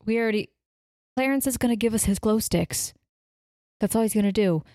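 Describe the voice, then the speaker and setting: A woman's voice: on the high side, brisk, mellow, no room sound, studio quality. A woman playing a tabletop game, taking charge and laying out plans point by point. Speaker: player.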